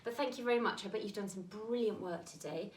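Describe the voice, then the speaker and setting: A woman's voice: mid-range voice, fast talker, slight background noise. Breathless British woman teaching kids dance. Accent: British English. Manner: encouraging, gentle cues. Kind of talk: children's dance lesson. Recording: roomy sound, mic at a distance.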